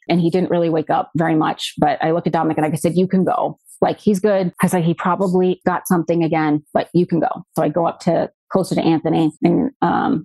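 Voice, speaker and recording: Gravelly, husky woman telling a personal story. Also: low voice, warm tone, no echo, poor audio. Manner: rapid, tumbling retelling with many likes and quoted dialogue. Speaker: podcast guest.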